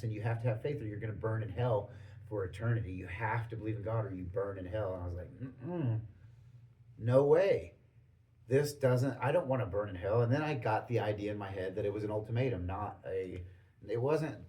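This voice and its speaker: A man in casual podcast conversation, retelling stories and acting out the quotes as he goes. His voice sits at an ordinary pitch. He talks in a loose, rambling way and keeps restarting his sentences. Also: warm tone, rough recording. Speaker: podcast host. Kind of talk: casual storytelling chat.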